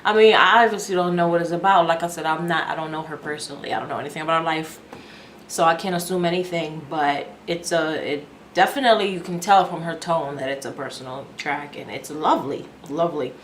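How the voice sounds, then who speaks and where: A woman giving a casual reaction review of an album, candid and chatty, thinking out loud as she goes. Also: deep voice, quick pace, a little hiss or hum. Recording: echoey room with music playing.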